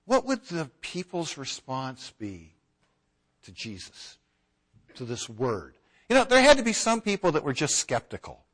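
Animated man preaching a sermon. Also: on the high side, unhurried. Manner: conversational, acts out townspeople's voices.

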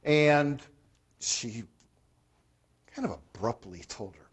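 A man with a husky, slightly breathy voice preaching to his congregation. He tells a story in plain, conversational terms and keeps putting questions to the listeners. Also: mid-range voice, lively intonation, unhurried, pauses often. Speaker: pastor. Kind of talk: sermon.

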